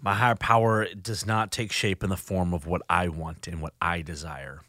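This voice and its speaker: A low-pitched man with a bright, forceful tone but flat delivery hosts a solo podcast, recorded dry in a studio. He is earnest and reflective, often stopping mid-sentence to begin again.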